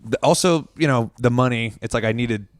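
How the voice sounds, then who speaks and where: A man's voice: mid-range voice, a little fast, smooth, dry recording, studio quality. A young man, a comedian and podcast guest, chatting casually and rambling with lots of "like" and "um". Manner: rambling, heavy use of "like" and "um". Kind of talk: casual interview chat.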